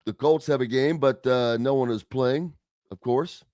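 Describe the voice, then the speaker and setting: Male sports radio host, mid pitch, chatty and rambling, dry close studio mic. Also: a little slow, a little mellow, dry recording. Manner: chatty, rambling, reads listener comments aloud. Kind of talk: casual sports talk radio.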